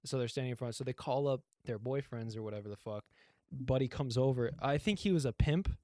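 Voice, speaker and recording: A man's voice: mid-range voice, fairly quick, mellow, no room sound, clean studio sound. Young man ranting casually, swearing. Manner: rambling, profane, acts out quoted lines. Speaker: podcast co-host. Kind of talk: casual chat, recapping a TV show.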